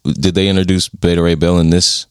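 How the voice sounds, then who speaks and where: A man's voice: low voice, fairly even intonation, a little fast, no room sound, clean studio sound. A man in casual podcast chat, laid-back and a little profane, mostly giving short replies.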